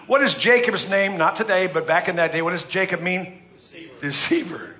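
A man's voice: sits high, lively intonation, brisk, bright, forceful tone. A middle-aged man from the United States preaching a sermon in a chatty, humorous way, acting out what people say. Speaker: pastor.

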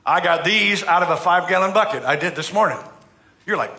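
A man's voice: sits high, animated, quick pace, sharp tone, a little hiss or hum. A middle-aged man from the United States preaching a sermon in a chatty, humorous way, acting out what people say. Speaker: pastor.

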